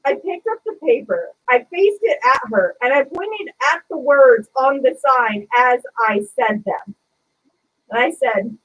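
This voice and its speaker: A woman co-hosting a casual podcast, telling a sarcastic retail story in a lively, chatty way. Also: high voice, a little slow, lo-fi sound. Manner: animated, sarcastic retelling of a retail customer. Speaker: podcast co-host.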